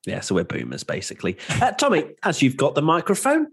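A man's voice: on the high side, huge pitch swings, quick pace, vocal fry, slightly rough. A man hosting a casual podcast chat, chatty and upbeat with jokey asides. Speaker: podcast host.

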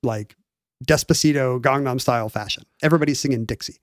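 A man in casual chat, explaining a bit of history in an animated way with lots of fillers and restarts. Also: mid-range voice, fast, no echo, studio quality.

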